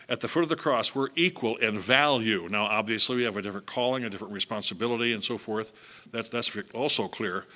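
Older male pastor, sermon delivery, animated storyteller, bright voice. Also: mid-range voice. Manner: animated storytelling, acts out quotes.

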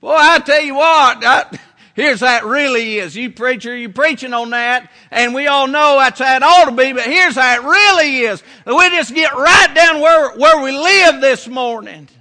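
A middle-aged pastor preaches in a folksy, homespun manner, circling back to his key phrases. His voice sits unusually high for a man, with a bright, forceful edge. The delivery is relaxed yet earnest, like a preacher talking straight to his own congregation. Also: creaky. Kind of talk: sermon.

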